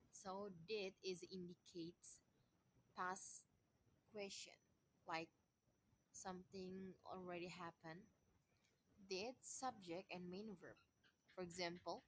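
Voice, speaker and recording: A woman teaching a basic grammar lesson, explaining rules slowly with small grammar slips and frequent pauses. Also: lowish voice, slight background noise, low-quality recording. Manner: slow and halting, with non-native grammar slips. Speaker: English teacher.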